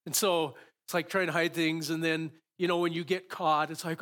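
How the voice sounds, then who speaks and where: A man's voice: on the high side, little pitch movement, moderate pace, a bit bright. Passionate male pastor preaching a sermon. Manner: preaching with rising passion, rhetorical questions. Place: church sanctuary.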